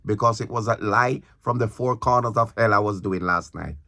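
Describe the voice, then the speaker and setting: A man's voice: fairly low pitch, moderate pace, vocal fry, pushed and bright. A male comedian telling a rambling comic story in a casual way, repeating himself and stumbling over his words.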